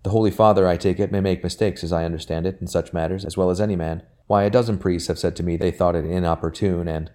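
Storybook figure: a man playing an anxious young gentleman, fretful, peevish, deep-voiced. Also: fairly even intonation, quick pace, hardly any pauses, close to an everyday voice. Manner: fretful, complaining.

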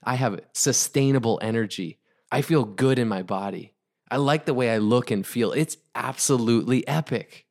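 A man giving an energetic motivational talk on sales, emphatic and repetitive, driving his points home. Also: mid-range voice, moderate pace, creaky. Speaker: podcast host, entrepreneur.

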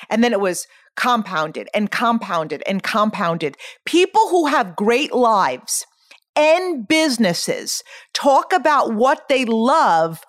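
A woman's voice: on the high side, no echo, clean studio sound. A woman hosting a motivational podcast, talking earnestly and emphatically and firing off many rhetorical questions. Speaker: podcast host.

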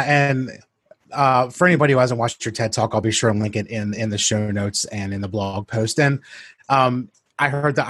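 Man, podcast host, thoughtful searching questions, mid pitch, dry close sound. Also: dry recording. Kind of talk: podcast interview.

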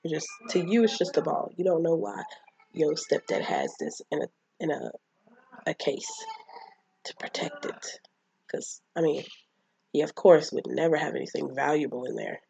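A woman's voice: sits low, sing-song, normal speed, gravelly, mellow, husky, dry recording. A woman casually recapping a film, rambling and acting out the characters' lines. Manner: rambling, acts out quotes of characters. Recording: dull lo-fi mic.

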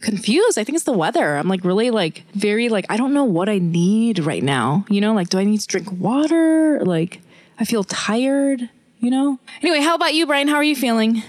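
A woman podcast co-host telling a story in casual chat, animated and full of fillers. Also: on the high side, normal speed, no echo. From Korean family. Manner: animated storytelling with lots of "like" and laughter.

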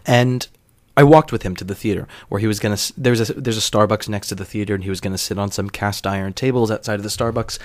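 A man's voice: fairly low pitch, steady tone, fast, no room sound, studio quality. A young man hosting a podcast, telling a personal story in a wry, self-deprecating way with casual profanity. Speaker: podcast host.

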